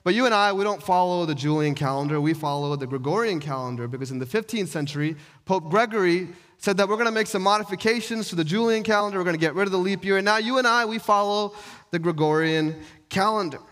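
A man's voice: sits high, quick pace, fairly bright tone. A pastor delivering a conversational sermon to his church, posing rhetorical questions as he teaches.

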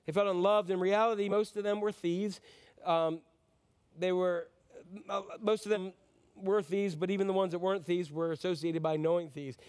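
Joking, high-voiced male pastor. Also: fairly even intonation, moderate pace, a little mellow, clear, resonant tone. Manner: conversational and joking, asks the audience questions. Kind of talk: Christmas sermon.

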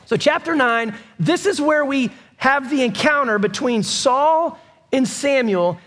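A man's voice: extremely high pitch, fairly bright tone. A man preaching a sermon as pastor, telling the story casually with asides to the congregation. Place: church. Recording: long hall reverb.

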